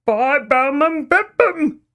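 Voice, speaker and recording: A woman's voice: medium pitch, expressive, a little slow, creaky, a bit bright, heavily acted. A woman voicing an older grandfather who has lost his false teeth and mumbles his words in a garbled rush. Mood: frantic. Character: frantic toothless old grandpa mumbling.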